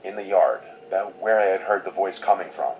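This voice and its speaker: A man with a very low voice tells a scripted horror story in a measured, somber way. The sound is dull and lo-fi, with a faint hiss underneath. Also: darkish tone.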